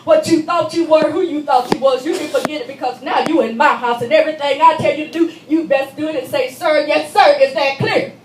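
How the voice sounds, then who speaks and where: A domineering prison guard, as a woman puts him on barks drill-sergeant commands. The shouts ring out high through a roomy church hall and reach the mic from a distance. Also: fairly even intonation, brisk, hardly any pauses, slight background noise. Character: harsh male prison guard, barking and domineering.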